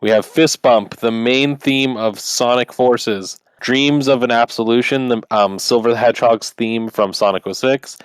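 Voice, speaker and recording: A man's voice: mid-range voice, measured pace, few pauses, clean tone, no room sound. Opinionated male podcast co-host, dry sound. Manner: opinionated, animated, lots of "like". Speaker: podcast co-host running the bracket. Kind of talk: casual chat.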